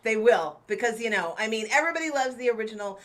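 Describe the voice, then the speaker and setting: A woman's voice: on the high side, animated, quick pace. A woman co-hosting an improv comedy show, bubbly and sociable as she chats with the audience. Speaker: improv host.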